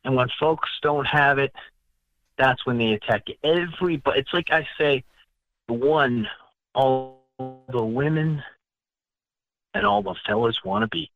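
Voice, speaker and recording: A man's voice: medium pitch, animated, unhurried, long pauses, dry recording, dull audio. A man from the Northeastern United States hosting a casual chat, telling stories in a boastful, mock-arrogant way. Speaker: podcast host.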